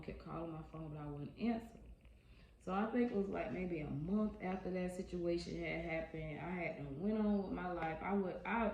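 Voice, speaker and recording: A young woman telling a personal story in a casual, chatty vlog, speaking directly to her viewers and reacting expressively as she goes. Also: on the low side. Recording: dull echoey room recording, faint hiss.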